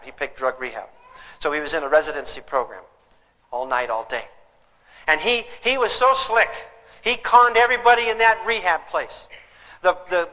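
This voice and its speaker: Bright-voiced middle-aged man lecturing in hall. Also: high voice. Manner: humorous, animated storytelling to an audience. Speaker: parenting seminar speaker. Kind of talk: live seminar lecture. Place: seminar hall. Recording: reverberant hall.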